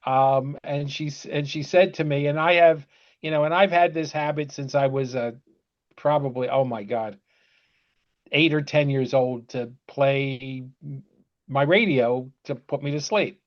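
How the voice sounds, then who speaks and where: An older man co-hosting a podcast as the father, telling a story in an unhurried way with fillers and chuckles. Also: medium pitch, steady tone, highs cut off. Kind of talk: casual storytelling chat.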